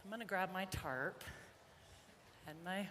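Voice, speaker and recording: A woman's voice: lowish voice, a little slow, fairly bright tone. Woman horse trainer, chatty and joking, coaxing a colt, long arena echo, faint background hum. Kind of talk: live riding demonstration with commentary. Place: large indoor arena.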